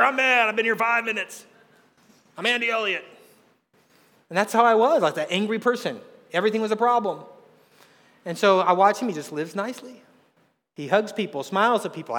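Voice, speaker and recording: A man with a high voice preaches to his congregation, mixing jokes and personal stories into the sermon. The sound carries a long reverb from a large hall. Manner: conversational storytelling with humor. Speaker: pastor.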